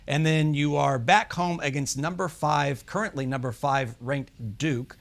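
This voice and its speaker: Upbeat guy hosting a sports podcast, voice on the higher side, keeps the chat moving. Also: measured pace, gravelly. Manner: upbeat, hypes up his guest. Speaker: podcast host.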